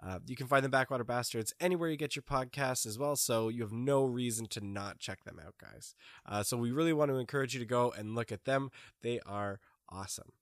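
A man's voice: mid-range voice, brisk, no room sound, clean studio sound. A man, a regular player on a tabletop podcast, chatting casually and joking. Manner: relaxed, joking, enthusiastic. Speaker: podcast player and former game master. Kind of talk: casual chat.

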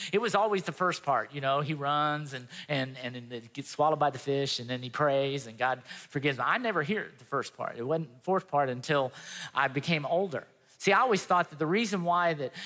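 A man's voice: fairly high pitch, bright, forceful tone. A pastor giving a sermon in an earnest, conversational way, acting out the quotes he tells. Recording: long reverb of a hall.

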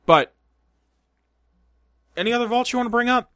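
A man's voice: extremely high pitch, moderate pace, a crowd in the background. A man co-hosting a casual gaming podcast, retelling game moments with swearing and laughs. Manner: animated, swearing, laughing storyteller. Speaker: podcast co-host.

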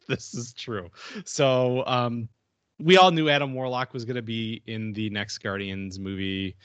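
A man's voice: mid-range voice, pushed and bright, no room sound. A man co-hosting a podcast in a casual chat, laughing easily and trailing off with fillers. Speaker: podcast co-host.

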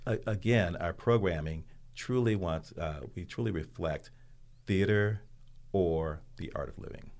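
A man talking as a guest on a radio show, explaining slowly with many ums. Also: deep voice, a little mellow. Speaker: guest, theater president. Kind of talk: casual radio chat.

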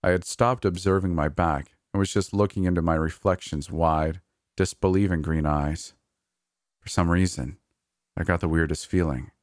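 A man reading a first-person horror story aloud in a measured, steady way. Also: deep voice, dry recording, studio quality. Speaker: narrator. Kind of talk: scripted horror story narration.

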